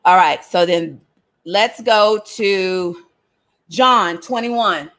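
A woman's voice: medium pitch, extremely slow, fairly bright tone. A woman leading a Bible study in a casual, joking, colloquial way.

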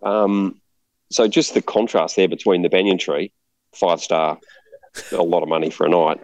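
A man casually telling a rambling, animated travel story, laughing often. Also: deep voice, moderate pace, no room sound, rough recording.

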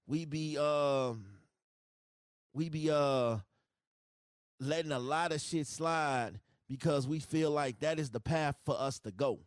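A man's voice: a little high, slow, smooth, no echo, clean studio sound. A man hosting a solo podcast, ranting in a profane, emphatic, repetitive way with speech. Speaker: podcast host.

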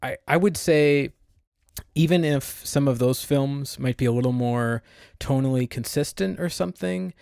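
A man on a casual film podcast talks with eager enthusiasm, pausing often with fillers as he reaches for words. His voice sits in a middle register, recorded close and dry with no room sound. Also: medium pitch, gravelly, a little mellow, no room sound. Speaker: podcast co-host.

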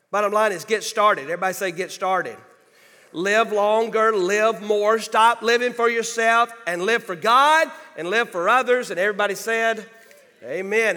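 A man preaches to his congregation in a high, ringing voice, pressing each point home and calling for responses. His voice carries a long reverb from a church sanctuary. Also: sharp tone. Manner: emphatic, calls for congregation responses. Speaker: pastor. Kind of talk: sermon.

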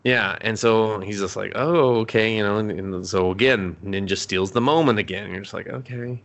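Podcast co-host, man with a lowish voice, rambly and profane, casual recap. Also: brisk, highs cut off. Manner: swears a lot, rambling and animated.

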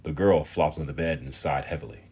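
A man narrating an audiobook in a measured, expressive storytelling manner. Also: very deep voice, husky. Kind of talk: scripted narration.

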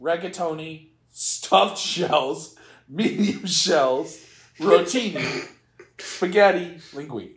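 A man's voice: a little high, slow, a bit bright. A man co-hosting a casual podcast, laughing often and teasing his friends with crude jokes. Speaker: podcast co-host ranking pastas. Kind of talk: casual banter.

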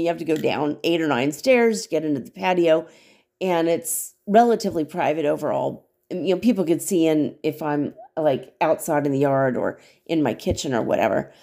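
Woman, low-pitched, gravelly fry, podcast host, rambling casual storytelling, laughs and swears. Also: warm tone. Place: small studio apartment.

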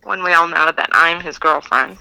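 A woman's voice: fairly low pitch, normal speed, creaky, bright, forceful tone, smooth, rough recording. A woman co-hosting a podcast, giggling in a mopey, self-deprecating way. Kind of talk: casual podcast banter.

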